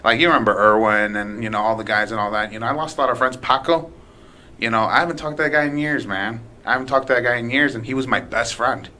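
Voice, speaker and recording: A man's voice: mid-range voice, quick pace, pushed and bright, a little hiss or hum. A young man hosting a podcast, talking in an earnest, casual way and calling people "man" and "dude". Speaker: podcast host. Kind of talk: casual chat.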